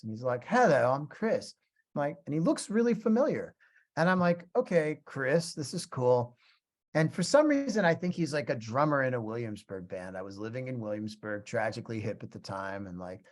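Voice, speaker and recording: Chatty middle-aged man telling stories. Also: medium pitch. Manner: animated, chatty, acts out both sides of conversations. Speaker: guest musician teaching a class. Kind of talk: casual storytelling lecture.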